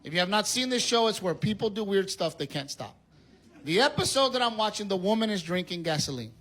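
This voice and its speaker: A middle-aged man doing a stand-up comedy routine, telling stories with animated delivery and yelling his punchlines. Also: high-pitched, a little fast.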